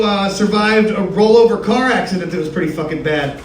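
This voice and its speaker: A man's voice: high-pitched, a little fast, slight background noise. A young man doing a rambling, crude stand-up comedy set on a club stage, swearing freely with a loose, conversational delivery. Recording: roomy live club sound from a distance. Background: audience laughter.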